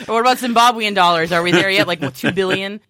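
A woman's voice: medium pitch, fast, fairly bright tone, slight background noise. A woman from Massachusetts, a podcast guest who is wry and sardonic in casual chat. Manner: wry, sardonic, laughs easily.

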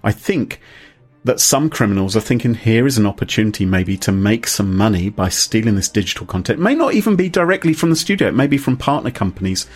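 A man co-hosting a podcast in casual chat, animated and chuckling as he reads quotes aloud. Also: on the low side, fast, slightly rough, faint music behind.

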